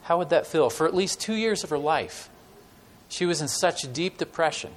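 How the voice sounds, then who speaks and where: A man preaching a sermon with stories to a church congregation, talking in a conversational way with many fillers and dramatic pauses. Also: a little high, animated, slight background noise. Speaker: guest preacher.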